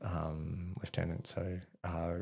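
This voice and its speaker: A man's voice: sits low, monotone, takes it slowly, gravelly, a little mellow, slight background noise. An Australian man, a podcast guest, telling rambling, swear-filled stories in casual chat. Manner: swears freely, rambling anecdotes with quoted dialogue. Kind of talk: casual storytelling.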